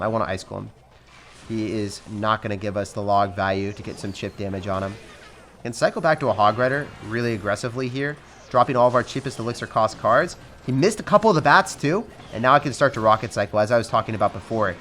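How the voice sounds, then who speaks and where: Fast-talking young man commentating gameplay. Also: mid-range voice, a little hiss or hum. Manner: excitable, addresses viewers as guys. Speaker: game commentator.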